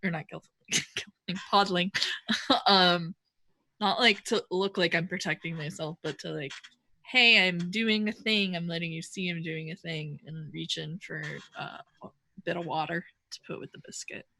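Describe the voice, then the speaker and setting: A woman's voice: on the low side, steady tone, normal speed, pushed and bright, no echo. A woman playing a tabletop game, speaking hesitantly with stammers. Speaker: player. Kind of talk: casual tabletop play.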